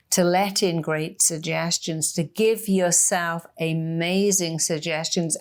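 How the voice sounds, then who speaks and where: Woman hypnotherapist, low-ish voice, expressive motivational talker. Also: creaky. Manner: expressive, acts out inner voices in quotes. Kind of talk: motivational talk.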